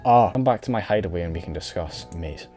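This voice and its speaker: A suave, formal older colonel from a video game, read aloud by a man. The voice sits low and the delivery is mannered and courtly. Soft music plays faintly underneath. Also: animated, quick pace. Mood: wistful.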